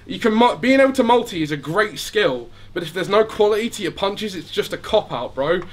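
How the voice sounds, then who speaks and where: A man's voice: sits high, lively intonation, fairly quick. A man in his late twenties performing at a live rap battle, trading insults in rhymed bars and laughing at his own jokes. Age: late 20s. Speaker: battle rapper. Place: live venue before an audience.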